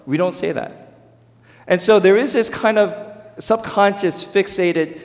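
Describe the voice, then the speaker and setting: A Korean-born man preaching a sermon as a pastor, with emphatic stresses that fall into quiet, low endings, and quoted voices acted out in dialogue. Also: unhurried, big-room sound. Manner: emphatic, swings between loud stresses and quiet drops.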